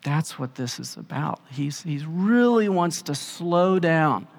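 A man preaching in a relaxed, conversational way, telling stories and acting out quotes. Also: fairly high pitch, slow pace, gravelly, long reverb tail. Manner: casual and animated, acting out quotes in plain speech. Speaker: pastor. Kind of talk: conversational sermon with storytelling.

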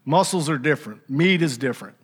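A man's voice: a little high, animated, brisk, slightly rough. A man preaching a sermon, teaching in an emphatic, conversational way with rhetorical asides.

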